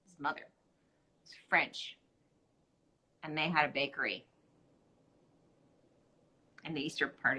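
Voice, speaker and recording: A woman's voice: low voice, steady tone, slow pace, pauses often, pushed and bright, low-quality recording. A tired woman explaining step by step how she bakes, chatting casually on a live stream. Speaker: baker showing a recipe.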